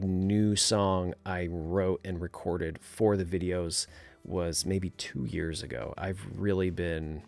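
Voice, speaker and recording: Low-pitched and gravelly, this New England-accented man hosts a casual livestream, reading out viewer comments and chatting easily. He stays relaxed, laughs frequently and fills his speech with fillers.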